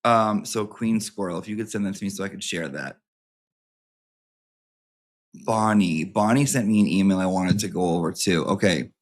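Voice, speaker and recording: A man's voice: low-pitched, normal speed, pauses often. A man hosting his channel, chatting casually and campily to his viewers, reading out their emails with sassy asides and plenty of swearing. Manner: campy, sassy, swears freely, lots of asides. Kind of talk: casual chat to a live audience.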